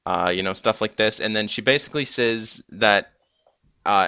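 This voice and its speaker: A man's voice: fairly low pitch, normal speed, gravelly, sharp tone, smooth, dry recording. A young man casually recapping a TV episode, rambling with lots of fillers and restarts. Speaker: episode reviewer.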